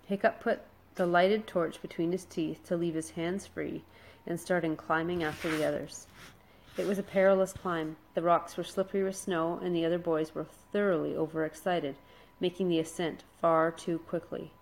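A woman's voice: on the low side, fairly even intonation, moderate pace, low-quality recording. Woman reading a storybook aloud. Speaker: narrator. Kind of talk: storybook narration.

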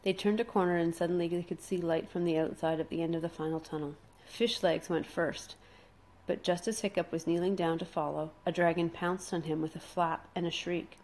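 Woman narrating a kids book, lowish voice, dramatic pauses. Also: steady tone, a little mellow. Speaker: storyteller. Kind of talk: expressive storybook read-aloud.

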